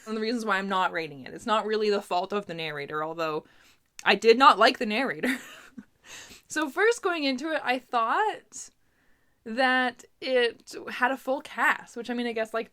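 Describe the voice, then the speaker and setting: Here the young Canadian booktuber has a sharp, higher-pitched tone as she casually discusses books she's read. Laughter and little tangents fill her talk.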